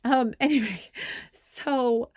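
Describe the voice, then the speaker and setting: Speaking slowly in a clean, echo-free studio, a woman in her thirties hosts a podcast and tells a story casually. She's animated, laughs often, leans heavily on "like," and acts out quotes in a playful, higher voice.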